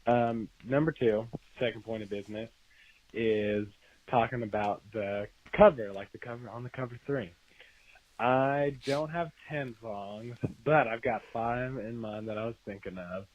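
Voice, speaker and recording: A man's voice: mid-range voice, a little slow. A man leaving a rambling casual voicemail for a podcast, going through his points one by one. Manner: rambling, lists points of business. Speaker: voicemail caller. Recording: dull lo-fi voicemail.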